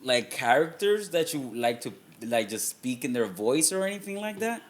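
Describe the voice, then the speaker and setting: A man hosts a casual podcast with an easygoing, slangy delivery. His pitch moves a lot as he talks. He asks questions and reacts in short bursts. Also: very animated, moderate pace. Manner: laid-back, slangy. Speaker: podcast host.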